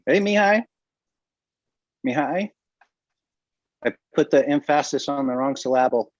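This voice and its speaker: Man, relaxed, joking, dull dry sound, video call. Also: mid-range voice, brisk, dry recording. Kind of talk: casual video call chat.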